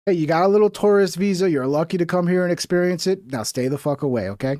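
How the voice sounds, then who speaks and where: A man's voice: sits high, quick pace, mellow, no room sound, clean studio sound. A man from the United States giving rambling, profane, mocking commentary while reacting to clips on a stream.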